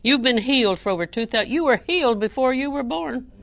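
A woman preacher, delivering a sermon with animated emphasis that rises to near-shouting. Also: high voice, brisk, creaky, no room sound.

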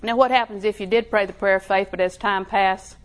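Woman, preaching, folksy, laughing, repetitive, medium pitch. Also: steady tone, a little fast. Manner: folksy, laughing, repeats phrases softly. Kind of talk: sermon.

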